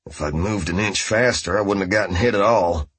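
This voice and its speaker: A man's voice: sits low, brisk, a bit bright, breathy edge, no echo. A man doing a mumbling wounded man. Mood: pained.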